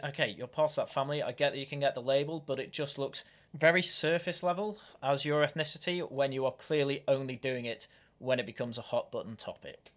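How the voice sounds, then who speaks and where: Male youtube commentator, critical reaction talk, mid pitch, argumentative. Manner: critical, argumentative, frequently restarts. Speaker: commentary channel host.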